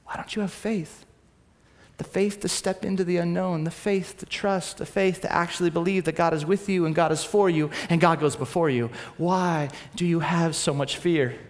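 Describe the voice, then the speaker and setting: Young male pastor, high voice, preaching in a church hall with long reverb; dramatic storyteller who drops to a hush. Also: steady tone, normal speed, hardly any pauses. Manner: storytelling, swings between loud and hushed. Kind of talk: sermon.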